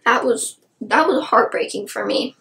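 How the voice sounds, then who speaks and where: A woman's voice: on the high side, measured pace, creaky, pushed and bright, a little hiss or hum, rough recording. A woman gushing about a book she loved in a casual, rambling review, full of "like" and asides.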